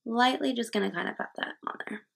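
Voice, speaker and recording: A woman's voice: on the high side, fast talker, gravelly, fairly bright tone. Chatty young woman talking through makeup. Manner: chatty, casual, laughs at own slips. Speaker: beauty vlogger. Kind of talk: makeup tutorial talk-through. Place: home, indoors.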